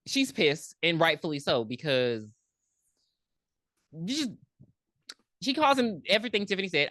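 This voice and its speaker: On a podcast, a female co-host recaps a movie in casual chat, animatedly acting out the characters and dropping plenty of ums. Her fairly low voice moves a little fast with frequent pauses, captured as a dry, clean studio recording.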